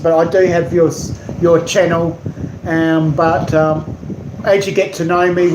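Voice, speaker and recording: A rambling man talks casually on his live stream, wandering from point to point and tripping over words. His voice sits high for a man. The room is echoey, with a loud air-conditioner hum behind him. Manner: rambling, warm, digressive, stumbles over words. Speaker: live-streaming artist and channel host. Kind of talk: casual live-stream chat reading out viewer comments.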